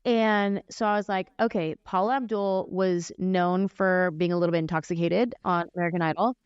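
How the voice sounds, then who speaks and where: Woman comedian telling animated stories. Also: fairly low pitch, moderate pace, smooth, no echo. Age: 40s. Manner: animated, demonstrating voices and gestures as she tells stories. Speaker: guest comedian. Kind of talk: casual storytelling in a podcast interview. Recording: dry, slightly muffled lo-fi sound.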